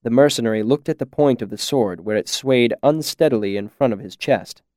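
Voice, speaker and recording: This is scripted narration from a male audiobook narrator who tells the story with measured expressiveness. His voice sits at a medium pitch, captured at studio quality without any room sound.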